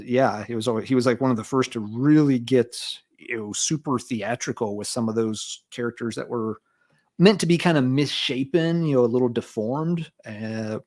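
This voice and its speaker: A man at mid pitch hosting a laid-back podcast chat. He rambles with fillers and pokes fun at himself, his voice a little worn from coughing. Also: a little mellow, no room sound, studio quality. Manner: rambling, lots of fillers, self-mocking humor. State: coughing a lot. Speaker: podcast host. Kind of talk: casual chat.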